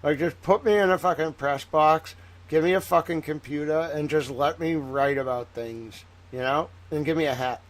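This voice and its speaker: A man's voice: on the high side, moderate pace. A man doing casual livestream commentary on legal filings, talking with a put-on Southern drawl. He rambles with joking asides and fills his talk with "like". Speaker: live-stream legal commentator.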